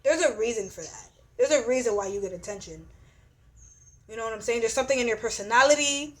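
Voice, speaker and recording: A woman's voice: fairly high pitch, quick pace. A young woman giving a casual astrology reading, blunt and profane, often repeating "you know what I'm saying.". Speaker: astrology reader.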